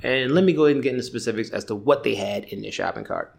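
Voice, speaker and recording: A man's voice: mid-range voice, rapid-fire, vocal fry. A man in his thirties hosting a podcast alone, telling a rambling, profane story in casual chat. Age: 30s. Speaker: podcast host. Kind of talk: casual solo rant.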